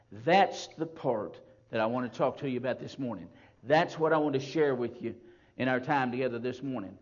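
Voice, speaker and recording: A man preaching a sermon to his congregation, stressing phrases slowly and repeating them for emphasis. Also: medium pitch. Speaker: pastor. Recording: dull lo-fi sound.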